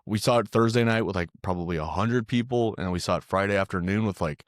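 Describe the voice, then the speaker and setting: Deep-voiced man in casual podcast chat. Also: fast, no echo, clean studio sound. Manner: loose and profane, says "dude" a lot. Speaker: podcast co-host. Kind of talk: casual film review chat.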